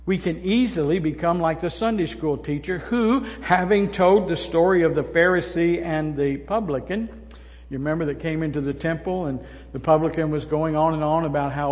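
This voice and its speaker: A man's voice: a little high, normal speed. An older man, a pastor, preaching a sermon in a folksy, conversational way, often asking the congregation questions. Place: church sanctuary. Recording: muffled sound in a large reverberant hall.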